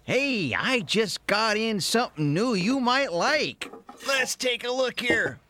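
Cast a woman as a folksy storekeeper, lively intonation, slow easy pace. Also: a little high, slight background noise, exaggerated voice. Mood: friendly. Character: friendly male general store owner.

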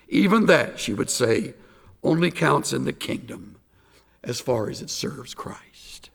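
A man's voice: a little high, gravelly, fairly bright tone. A man reading an earnest devotional message that turns into a pleading call to faith.

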